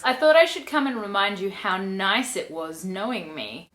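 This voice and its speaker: A young woman reading a book aloud on her vlog and breaking off for sarcastic, deadpan comments. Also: fairly high pitch, unhurried, few pauses.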